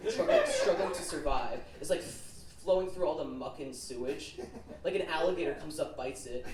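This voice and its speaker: Teen guy doing standup, kinda nervous and rambly, high-ish voice, far from the mic in an echoey club w/ crowd laughing. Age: teens. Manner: nervous, rambling storytelling with many "like"s. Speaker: student comedian. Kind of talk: stand-up comedy set. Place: comedy club stage with laughing audience. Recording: roomy, distant club recording with crowd.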